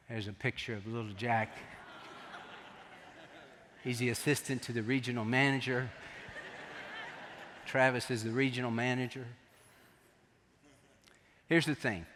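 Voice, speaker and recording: A middle-aged man preaching a sermon, telling a story in an animated, joking way. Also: mid-range voice, a little hiss or hum. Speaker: pastor. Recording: long echo of a large hall.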